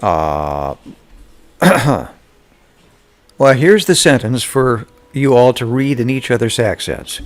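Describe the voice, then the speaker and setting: A man's voice: medium pitch, lively intonation, takes it slowly, long pauses. A man with an American accent co-hosting a casual chat, easygoing and agreeable. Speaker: podcast co-host.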